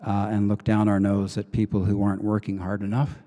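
Low, mellow-voiced male preacher. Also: completely flat delivery, brisk. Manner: reflective storytelling with fillers and restarts. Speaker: cathedral dean. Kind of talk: sermon. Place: large cathedral. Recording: reverberant cathedral sound.

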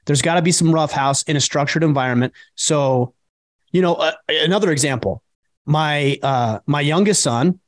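A man's voice: on the high side, normal speed. A middle-aged man co-hosting a podcast, talking emphatically in casual chat and acting out others' words with energy. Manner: emphatic, animated when quoting others. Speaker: podcast co-host.

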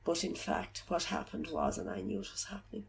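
A middle-aged woman telling of her loss in an interview. She talks haltingly and softly, often searching for words. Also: deep voice, huge pitch swings, gravelly, a little hiss or hum. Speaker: bereaved mother telling her story. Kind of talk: personal account in an interview.

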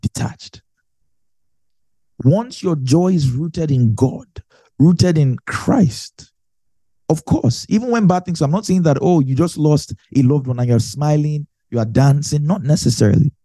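Male Bible teacher, mellow tone, dry sound, talks it through with everyday examples. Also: fairly high pitch, measured pace, no room sound. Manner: explains with everyday examples, repeats phrases for emphasis.

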